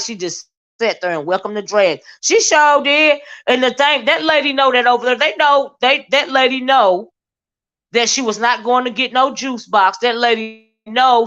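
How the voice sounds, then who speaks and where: A woman's voice: on the high side, a bit bright. A woman hosting a casual livestream with sassy gossip commentary, reading chat comments aloud and drawing out asides of "child". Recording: dull lo-fi stream audio.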